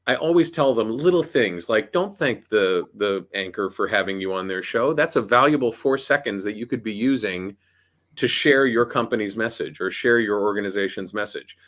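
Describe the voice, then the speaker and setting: A man with a fairly low voice talks on a video call. He is emphatic and coaching, hitting each point with punchy warnings in a lively panel discussion. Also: moderate pace. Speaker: voiceover artist and audiobook coach. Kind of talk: animated panel chat.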